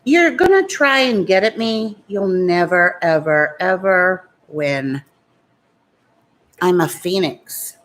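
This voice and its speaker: A woman's voice: fairly low pitch, animated, takes it slowly, a bit bright. A woman beauty vlogger chatting casually while doing her makeup and answering viewer comments in a defiant, talkative way. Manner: defiant, chatty, talks back to critics.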